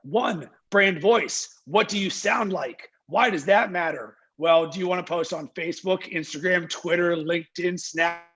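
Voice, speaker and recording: The marketing agency founder is unhurried here, with few pauses, his high voice fairly bright and the video-call sound lo-fi. His interview talk is still energetic and emphatic, packed with rhetorical questions and reenactments of clients.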